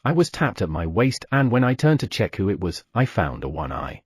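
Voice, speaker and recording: A man narrating a fantasy audiobook in first person, giving the other characters small shifts of pitch. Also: big pitch swings, a little fast, husky, dry recording, clean studio sound.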